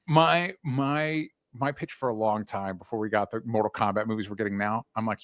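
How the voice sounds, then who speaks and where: A man co-hosting a casual movie podcast, recapping the plot with wry asides and many quick yeahs. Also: on the low side, fairly even intonation, a bit bright, no room sound. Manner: laid-back, lots of fillers and quick yeahs. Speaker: podcast co-host. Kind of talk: casual movie review chat.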